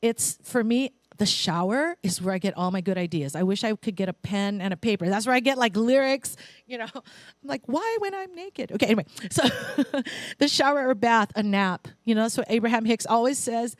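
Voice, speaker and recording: A woman giving a relaxed, conversational sermon to her spiritual congregation. She talks in a playful way, breaking off for asides and light laughter. Her voice sounds close and dry. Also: fairly high pitch, a little fast, no room sound. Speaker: speaker at a spiritual center. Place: spiritual center congregation, in Hawaii.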